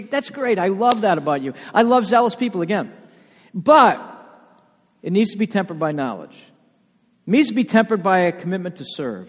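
A man preaching a sermon as pastor, emphatic, with rhetorical questions and sudden soft asides. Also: high-pitched, big-room sound. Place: church sanctuary.

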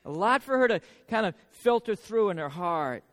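A man preaches a sermon in a loose, conversational way and keeps checking in with "right?". His voice sits high for a man, and a long reverb trails after it, as in a large hall. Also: animated, normal speed.

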